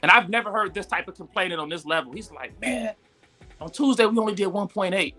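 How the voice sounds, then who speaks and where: A man telling a story in casual live-stream talk, animated and full of "like" and "yo", jumping high when he quotes people. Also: fast talker, faint music behind. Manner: animated, acts out quotes with sudden high pitch jumps; frequent fillers "like" and "yo". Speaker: guest entrepreneur.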